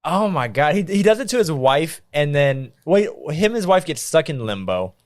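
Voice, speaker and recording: Man, podcast co-host, casual chat, fairly high voice, lively pitch, laughs a lot, restarts sentences. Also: moderate pace, no echo, studio quality. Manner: animated, laughs often, restarts mid-sentence. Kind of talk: casual movie-ranking chat.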